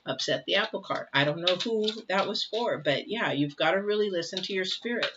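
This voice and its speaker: Over a noisy background, an older tarot reader talks briskly and expressively in a lowish voice. Her casual reading is chatty, full of repeated phrases and rhetorical questions, in dull lo-fi audio.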